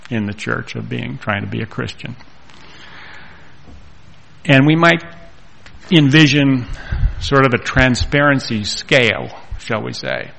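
A man preaching a sermon and reading scripture aloud, with slow, deliberate delivery and pauses. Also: medium pitch, gravelly, low-quality recording.

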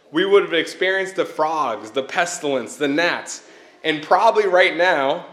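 A man's voice: a little high, fairly bright tone. Earnest man preaching in an echoey hall. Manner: earnest, repeats phrases and asks "right?". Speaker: church speaker. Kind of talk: short sermon.

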